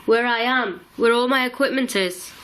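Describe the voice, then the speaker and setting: A woman paranormal investigator calling out to spirits in an old farmhouse at night, nervous and breathy, recorded on a handheld camera. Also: a little high, normal speed, a bit bright. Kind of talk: ghost-hunting calling out.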